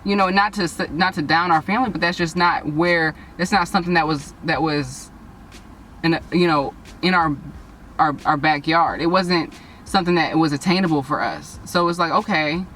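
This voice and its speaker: Animated woman, distant and noisy. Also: sits low, moderate pace. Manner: animated, emotional, restarts often. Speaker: interview guest, nursing graduate. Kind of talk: casual interview storytelling.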